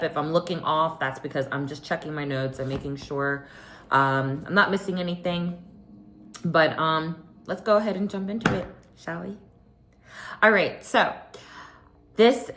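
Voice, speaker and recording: A young woman casually recapping a reality show, chatty and opinionated. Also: sits low. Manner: chatty, opinionated, animated quoting. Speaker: recap vlogger.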